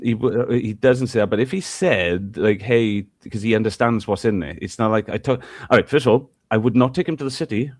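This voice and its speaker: A man's voice: on the low side, a little fast, few pauses, a little mellow, no room sound, clean studio sound. A man on a panel, arguing in casual debate with many stammered restarts. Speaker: panel guest.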